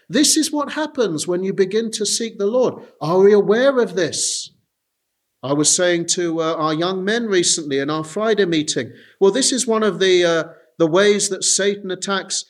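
A man's voice: high voice, normal speed. A man preaching an earnest sermon, often turning to his listeners with direct appeals.

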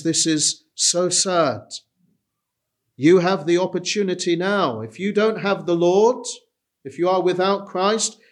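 High-voiced, slow earnest preacher. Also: male voice. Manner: earnest, repetitive pleading delivery. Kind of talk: sermon.

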